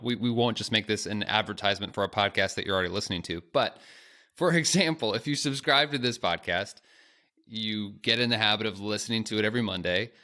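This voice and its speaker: A man's voice: lowish voice, sharp tone. A man co-hosting a podcast, chatting in a conversational, rambling way with joking asides. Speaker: podcast co-host. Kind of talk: casual podcast chat.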